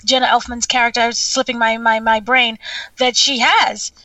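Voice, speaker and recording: A woman's voice: on the high side, flat delivery, normal speed, pushed and bright, no room sound, far from the mic, rough recording. A woman co-hosting a casual talk show, hesitant and searching for words. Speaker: co-host. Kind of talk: casual chat.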